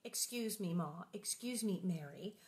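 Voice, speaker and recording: A woman's voice: a little high, expressive, moderate pace, a bit bright. A woman doing a brave, polite pioneer girl. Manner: polite, encouraging.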